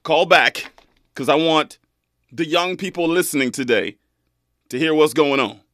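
A man in his twenties hosting a talk radio show, animated and folksy, laughing often. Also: on the high side, measured pace, no room sound. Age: 20s.

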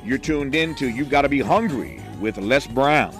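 A man hosting a radio talk show, giving measured, formal introductions. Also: medium pitch, lively intonation, soft background music. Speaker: radio host. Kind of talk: radio announcing.

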